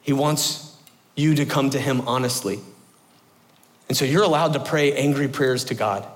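A man's voice: medium pitch, normal speed. A man preaching a sermon in a loose, chatty style. He restarts his phrases often and fills the gaps with everyday filler words. His voice rings out with a long reverb through a church sanctuary. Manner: casual, conversational preaching with frequent fillers and restarts. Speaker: pastor.

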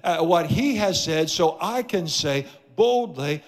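A man's voice: fairly high pitch, expressive, measured pace, few pauses, big-room sound. A man preaching a sermon as pastor in a church, emphatic with repeated phrases. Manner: emphatic, repetitive preaching cadence. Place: church sanctuary.

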